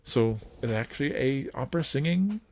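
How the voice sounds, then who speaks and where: A man hosting a casual podcast, talking in a playful, animated way and laughing often. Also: mid-range voice, moderate pace. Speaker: podcast host.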